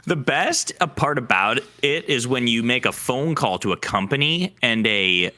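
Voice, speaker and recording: A man's voice: medium pitch, expressive, moderate pace, bright, forceful tone. A young man co-hosting a podcast in easygoing casual chat, laughing often. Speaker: podcast co-host.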